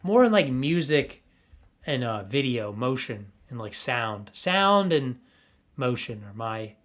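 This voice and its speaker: A man's voice: mid-range voice, very animated, slow, a bit bright. A young man casually hosting a livestream, rambling and stammering playfully as he reacts to viewers' art. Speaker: livestream host reviewing NFT art.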